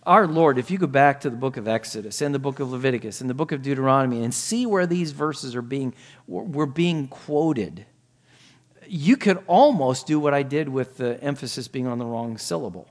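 A man's voice: mid-range voice, lively intonation, moderate pace. A man preaching a sermon, explaining a scripture passage in an earnest, conversational way and asking his listeners questions. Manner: earnest, explanatory, shifts to quiet prayer. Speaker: pastor.

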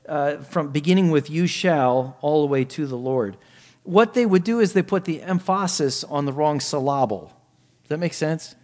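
A man preaching a sermon, explaining a scripture passage in an earnest, conversational way and asking his listeners questions. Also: a little high. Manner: earnest, explanatory, shifts to quiet prayer. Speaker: pastor.

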